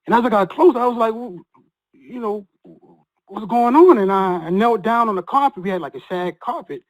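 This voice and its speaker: A man speaking as a guest, telling an emotional personal story in an earnest, halting way with many repeated restarts. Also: sits high, expressive, poor audio.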